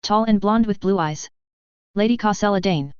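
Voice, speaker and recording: A woman narrating a story in the first person with an even, measured delivery, in a dull, dry lo-fi recording. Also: mid-range voice, clean tone, no echo. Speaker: audiobook reader.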